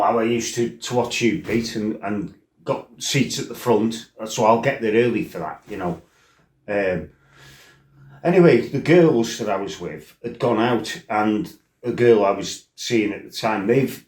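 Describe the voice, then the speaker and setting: A man's voice: on the low side, roomy sound. A man with a blunt, sweary, rambling way of telling stories in a casual chat. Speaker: storyteller. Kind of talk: casual storytelling.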